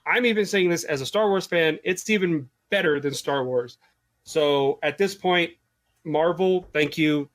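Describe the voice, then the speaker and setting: A man in his thirties co-hosting a podcast, excitable and profane, gushing in casual chat. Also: on the high side, unhurried. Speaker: podcast co-host.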